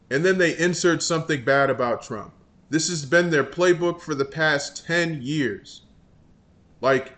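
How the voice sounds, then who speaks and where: A male host rants his political commentary in a scornful, exasperated voice and keeps restarting his sentences. His speaking voice sits slightly high for a man. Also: a bit bright.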